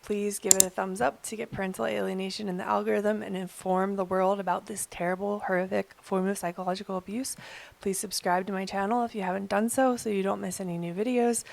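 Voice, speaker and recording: A woman hosting her own channel, explaining in a calm, earnest, measured way. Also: medium pitch, gravelly. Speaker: channel host. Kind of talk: explainer video talk.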